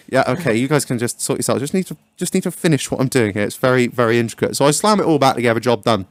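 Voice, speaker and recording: A young man hosting a podcast in casual chat, a lively, sweary storyteller who acts out his own lines. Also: mid-range voice, very fast, hardly any pauses, no echo. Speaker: podcast host.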